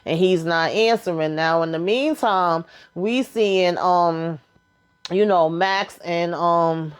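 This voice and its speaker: A woman with a fairly low, clean-toned voice talks slowly as she recaps a TV episode. She's a recap vlogger who keeps it casual and colloquial, chatting it out like a story and acting out the characters' lines.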